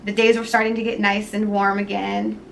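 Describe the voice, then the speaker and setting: A woman earnestly telling a personal faith story to the camera, halting and pausing often. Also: medium pitch, level tone, gravelly, slight background noise, poor audio. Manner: earnest, halting, with many pauses. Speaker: jewelry maker sharing a personal story.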